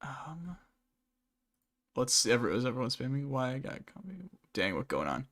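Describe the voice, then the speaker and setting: A young adult streamer hosts his channel's casual Q&A during a gaming session, his chatter rambling and full of restarts and fillers. His medium-pitched voice is fairly bright and very animated, moving at a moderate pace.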